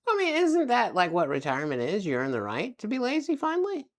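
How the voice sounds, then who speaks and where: A man's voice: high voice, huge pitch swings, fast talker, fairly bright tone. A man co-hosting a podcast in casual chat, throwing in laid-back jokes and questions. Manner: joking, laid-back interjections. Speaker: podcast co-host.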